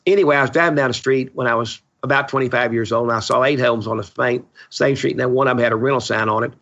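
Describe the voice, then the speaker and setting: A gravelly man in his seventies talks quickly and bluntly, an opinionated real estate veteran swapping stories as a podcast guest. His tone is bright and forceful. The sound is dull and lo-fi. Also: medium pitch, fairly even intonation. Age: 70s. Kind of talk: storytelling interview chat.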